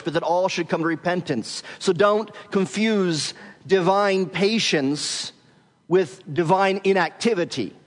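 High-voiced male pastor in a reverberant hall. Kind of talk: expository sermon.

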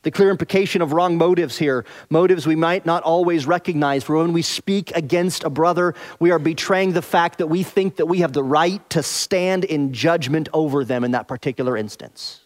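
A man preaching an expository sermon, earnest, dropping soft and slow on key phrases. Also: on the high side. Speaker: pastor.

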